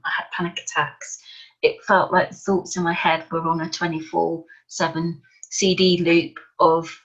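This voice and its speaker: A woman's voice: lowish voice, fairly bright tone, slightly rough. A woman guest on a podcast, telling her story in an earnest, plain-spoken way. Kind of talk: casual interview chat. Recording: dull lo-fi remote call audio.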